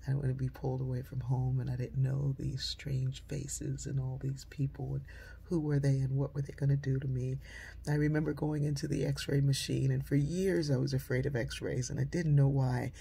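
A woman telling a personal story in a conversational way, dropping into a hush when she quotes people. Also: extremely low pitch, level tone, normal speed, creaky, a little hiss or hum.

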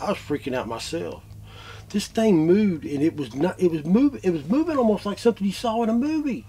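A man telling his own encounter in an interview, animated, repeating himself, going from loud bursts to hushed tones. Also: a little high, fast, a little hiss or hum. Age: adult, a father. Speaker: eyewitness interviewee. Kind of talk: emotional first-person retelling.

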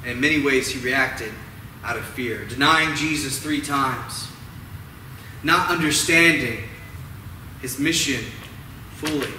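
A man preaching a sermon, stressing words and letting phrase ends drop soft and low. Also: slight background noise. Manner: dramatic, drawn-out emphasis with falling, softening phrase ends. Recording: roomy echo, mic at a distance, faint ambience.

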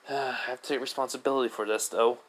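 A man's voice: mid-range voice, fairly even intonation, fairly quick, fairly bright tone, close to an everyday voice, poor audio. A man voicing a young male ninja reborn as a slime, speaking mildly and casually with hesitant fillers.

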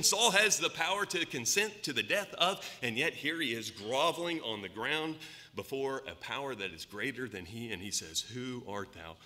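Bright-voiced American preacher in a reverberant church. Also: male voice, medium pitch. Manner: emphatic, rhetorical questions, swings loud and soft. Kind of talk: sermon. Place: church sanctuary. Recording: long reverb of a church hall.

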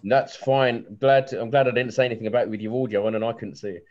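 A man's voice: medium pitch, level tone, fast talker, darkish tone. A man narrating as game master in a chatty way, full of ums and restarts, over a lo-fi video call.

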